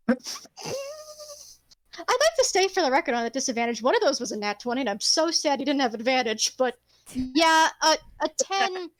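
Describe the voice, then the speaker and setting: A woman's voice: sits high, very animated, moderate pace, long pauses, no room sound. A woman narrating a tabletop game as the game master. She rambles expressively and swears casually.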